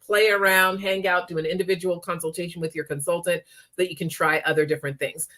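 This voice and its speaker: A woman's voice: lowish voice, a bit bright. A woman demonstrating makeup in a live tutorial, talking chattily and often checking in with her viewers. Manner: chatty, checks in with frequent "okay?".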